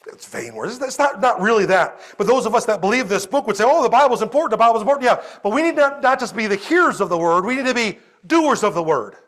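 High-voiced preaching pastor, man. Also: fairly quick, few pauses. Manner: animated preaching, swinging from loud exclamations to quiet storytelling. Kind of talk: sermon. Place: church service.

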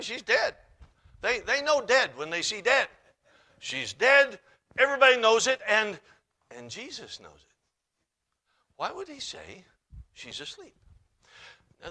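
A male preacher with a bright, forceful voice that sits a little high. He delivers a sermon, moving from hushed, intimate stretches to loud, emphatic bursts, and reads scripture in old-fashioned wording.

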